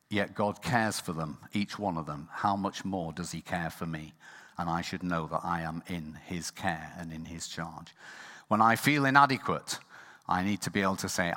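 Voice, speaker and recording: A man preaching a sermon as pastor of his church, earnest and sometimes dropping to a hushed tone. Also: low-pitched. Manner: earnest, softening to a hushed close. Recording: long church hall reverb.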